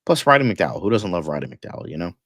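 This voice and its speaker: Male podcast co-host, lowish pitch, dry close sound; casual, rambling, cusses a lot. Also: very animated, fast, a bit bright, no room sound. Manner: rambling, swears freely, many fillers. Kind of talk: casual movie chat.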